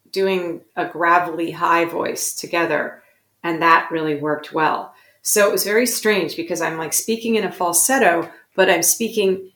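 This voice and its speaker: A woman's voice: fairly low pitch, echoey room. A woman being interviewed as a guest actor, telling stories in a reflective, self-correcting way. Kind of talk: interview conversation.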